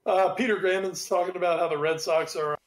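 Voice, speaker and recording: High-voiced man in a roomy echo. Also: fairly quick. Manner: animated, rambling, swears freely. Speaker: podcast co-host. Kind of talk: casual sports chat.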